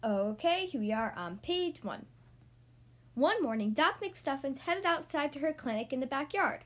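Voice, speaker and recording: A woman hosting a podcast, reading a picture book aloud to young kids in a gentle, friendly way. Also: sits high, animated, moderate pace. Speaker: children's book reader, podcast host.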